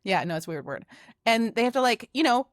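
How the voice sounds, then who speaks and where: A young adult woman co-hosting a podcast, telling a story in lively casual chat, swearing often and acting out her own reactions. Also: a little high, fast talker, dry recording, studio quality. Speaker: podcast co-host.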